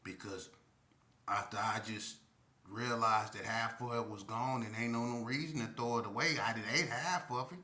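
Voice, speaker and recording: A man telling a casual comic story in slangy talk, animated and acting out the voices of the people in it. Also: medium pitch, normal speed. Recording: echoey room.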